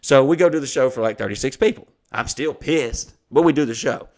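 Brief: male comedian host, mid pitch, heated and profane anecdote delivery. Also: brisk, a little mellow. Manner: heated, swearing, acts out quoted people.

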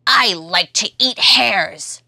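A woman voicing a hungry male monster in a children's storybook, speaking in slow, emphatic warnings. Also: medium pitch, animated, vocal fry, sharp tone, dry recording, heavily acted.

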